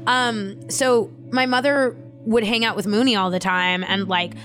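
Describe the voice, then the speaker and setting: A woman talks casually about her family, animated and quick to laugh, with swearing sprinkled through. Her voice sits at a middle pitch. Faint music plays underneath. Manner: animated storytelling, swears freely, laughs often. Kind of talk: casual chat.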